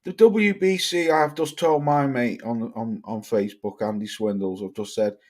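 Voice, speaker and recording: A man's voice: medium pitch, moderate pace. A man from Cheshire, hosting a livestream, reading chat comments and ranting bluntly with plenty of swearing. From Cheshire, England. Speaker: livestream host.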